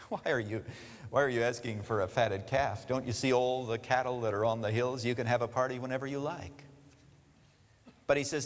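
A man's voice: medium pitch, normal speed. A man preaching a sermon, telling stories with expression and giving the characters their own voices as he urges his listeners. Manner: expressive storytelling, voicing characters, urging listeners. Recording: long reverb of a large hall.

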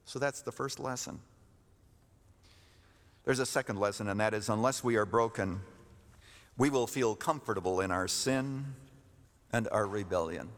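A man preaching a sermon as pastor, emphatic, repeating his key phrases and rising in pitch to stress a point. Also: moderate pace, long pauses, fairly bright tone. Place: church sanctuary. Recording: long reverb of a church hall.

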